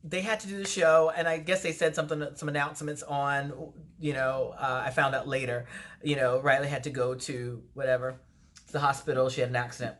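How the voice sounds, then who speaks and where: A woman entertainer telling a personal story in a casual storytime vlog, animated and laughing often. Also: rumbling low, a little fast. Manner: animated retelling with frequent laughs.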